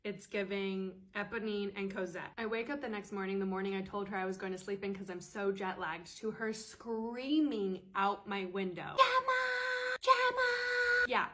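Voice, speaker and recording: Girl late 20s doing a storytime, fast and fed up, mid pitch. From United States. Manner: animated, exasperated, quick retelling. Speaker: storyteller vlogger. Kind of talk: casual storytime.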